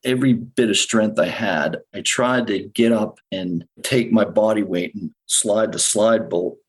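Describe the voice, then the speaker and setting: A middle-aged man tells in the present tense how he survived a shooting, sometimes rushing ahead and sometimes slowing down heavily. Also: on the low side, slightly rough, poor audio. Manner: vivid present-tense retelling, sometimes rushed, sometimes slow and heavy. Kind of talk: first-person podcast storytelling.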